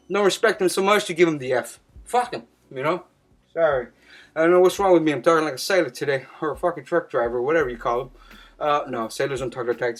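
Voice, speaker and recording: A man's voice: a little high, a bit bright. A young man giving casual boxing predictions, rambling and swearing a lot, his voice jumping up when he gets worked up. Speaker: boxing commentator making fight predictions. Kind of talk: casual profane monologue.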